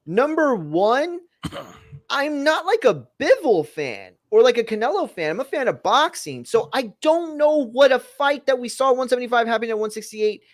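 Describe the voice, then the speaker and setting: A woman makes her case in casual chat, hedging and filling her talk with "like". Her pitch rises and falls a lot and sits on the high side. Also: big pitch swings, moderate pace. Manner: hedging, uses many fillers.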